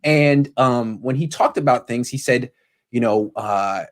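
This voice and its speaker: A man hosting a casual sports talk show, animated, often quoting others in quick voices. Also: medium pitch. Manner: animated, quotes people in quick impressions. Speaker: podcast host.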